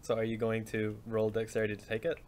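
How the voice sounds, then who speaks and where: A man's voice: on the low side, completely flat delivery, fast, darkish tone, slight background noise. Easygoing man running a tabletop game. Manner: casual, joking, improvises rules on the fly. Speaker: dungeon master.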